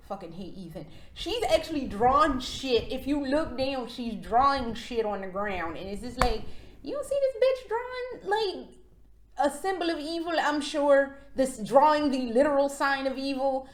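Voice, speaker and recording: A woman vlogging about video games in a casual, sarcastic, profane rant. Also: sits high. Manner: sarcastic and profane, with frequent laughs. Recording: roomy echo.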